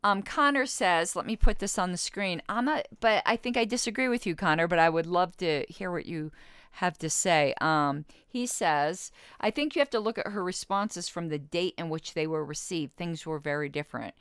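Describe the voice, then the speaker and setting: Dry-sounding woman in her fifties, lively. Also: fairly low pitch, normal speed, clean tone, no echo. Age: 50s. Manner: reads quotes then argues back with blunt disagreement. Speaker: podcast host. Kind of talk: reading an interview aloud and commenting.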